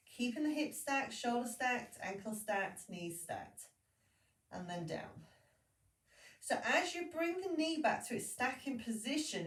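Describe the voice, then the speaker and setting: A woman leading a Pilates class, giving calm, steady cues and counting through each exercise. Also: a little high. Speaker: Pilates instructor. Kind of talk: guided exercise class instruction. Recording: echoey room, voice from a distance.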